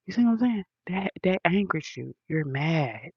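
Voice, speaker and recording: A woman's voice: fairly low pitch, lively intonation, normal speed, breathy edge, no echo, muffled recording. A woman hosting a livestream, answering comments in a blunt, profane, preachy rant full of slang.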